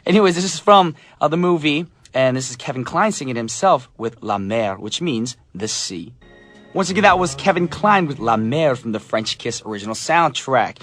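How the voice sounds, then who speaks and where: A man's voice: mid-range voice, lively intonation, moderate pace, a bit bright, soft background music. A man hosting a casual radio show in a studio, upbeat and jokey, reading out listener messages and chatting with his guest. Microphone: studio microphone.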